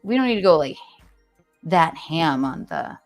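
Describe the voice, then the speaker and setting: A woman's voice: low-pitched, very animated, unhurried, faint music behind. A woman hosting a livestream in casual chat, playful and talkative, often restarting her sentences. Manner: chatty and playful, with many restarts. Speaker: livestream host.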